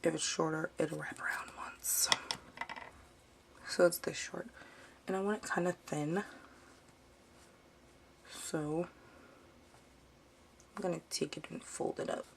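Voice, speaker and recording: Her voice sits on the low side, steady and a little slow with vocal fry and long pauses, and background noise is audible. She's a young DIY vlogger from the United States with a Baltimore accent and Southern drawl, chatting through a home craft tutorial, saying "y'all" and getting sidetracked.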